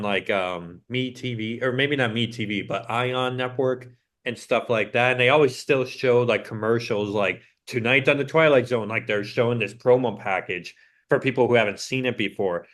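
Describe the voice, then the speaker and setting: A man co-hosting a podcast, chatting loosely with lots of fillers. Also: medium pitch. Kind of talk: casual chat.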